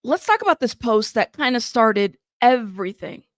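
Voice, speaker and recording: A woman's voice: fairly high pitch, very animated, moderate pace, dry recording, clean studio sound. A woman hosting a news livestream in casual chat, talking straight to her viewers and laughing at herself.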